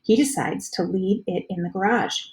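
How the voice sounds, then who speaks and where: A woman reading a children's storybook aloud in a steady, plain narration. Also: mid-range voice, normal speed.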